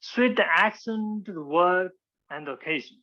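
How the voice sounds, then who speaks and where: Guy teaching speech gestures, bright tone, kinda muffled audio. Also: high voice, lively intonation, normal speed. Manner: demonstrative, acts out examples, frequent restarts. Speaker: public speaking club instructor. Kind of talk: informal teaching talk with slides.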